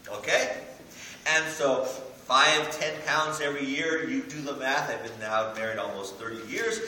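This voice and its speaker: A man in his fifties preaching a sermon as pastor, animated and joking as he speaks. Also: medium pitch, a little slow, a little hiss or hum. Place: church sanctuary. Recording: echoey church hall, mic from a distance, faint ambience.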